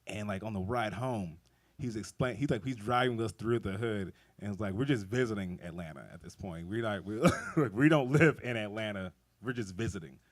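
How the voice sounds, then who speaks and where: A man's voice: fairly low pitch, normal speed. A young man doing a stand-up comedy set, telling rambling, profane stories and laughing often. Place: outdoor backyard show.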